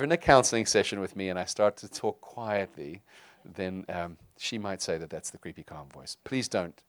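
A man's voice: sits low, normal speed. A middle-aged man, a pastor, preaching a sermon in a conversational way, with fillers and restarts.

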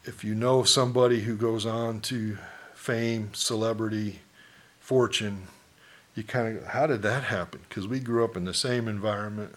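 A middle-aged pastor preaches in a conversational manner, putting questions to the congregation and acting out the townsfolk. His voice sits on the low side with fairly even intonation, a fairly bright tone, and a normal speed.

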